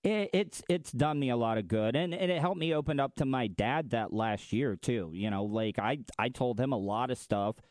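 A man's voice: medium pitch, normal speed, hardly any pauses, darkish tone, dry recording. A man who is a guest on a radio show, speaking openly about personal things, often restarting his sentences. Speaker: guest and former show regular. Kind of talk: candid interview talk. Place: radio studio.

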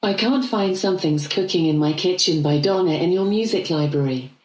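A polite, unbothered voice assistant, voiced by a woman, answers in an even, slightly low voice. The clip sounds roomy and distant, with music behind. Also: a little fast, close to an everyday voice. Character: calm female voice assistant.

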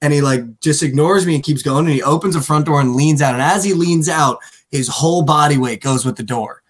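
A man's voice: a little high, fairly quick. Rambling young man telling a story. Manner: rambling storyteller, lots of "like" and "dude". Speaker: podcast co-host. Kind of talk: casual sports betting chat.

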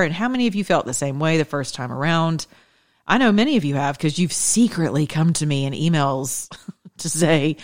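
Low-voiced woman, emphatic and sarcastic. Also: expressive, brisk. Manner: emphatic, sarcastic, chatty with asides and laughs. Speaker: political commentator. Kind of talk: opinionated monologue to followers.

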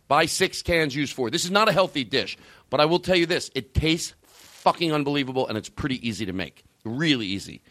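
A man's voice: medium pitch, fairly bright tone, no echo. A man hosting a comedy show, rambling and hyper, swearing freely as he jumps between topics. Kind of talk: rambling comic banter.

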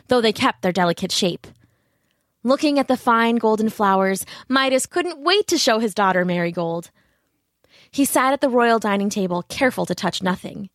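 A woman's voice: fairly high pitch, no room sound, studio quality. A woman narrating a fairy tale steadily, with asides to the listener. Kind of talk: storybook narration.

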